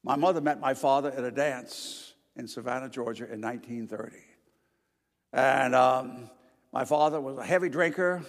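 An older man preaching a sermon with slides, emphatic and swinging between loud declarations and quiet asides. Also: medium pitch, moderate pace. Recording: long reverb of a large hall.

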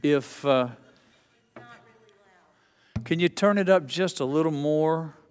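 A man's voice: fairly high pitch, takes it slowly, darkish tone, clean tone, in a large hall. A middle-aged male pastor giving a sermon in a church, conversational and self-deprecating, often restarting his sentences. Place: church sanctuary. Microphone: amplified microphone.

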